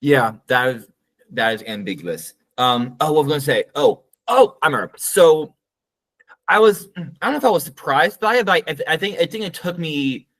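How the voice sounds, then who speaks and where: A man's voice: fairly high pitch, moderate pace, rough recording. Rambling, stammering podcast co-host man. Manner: rambling, stammering repeats, animated. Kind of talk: casual chat about conlang sound changes.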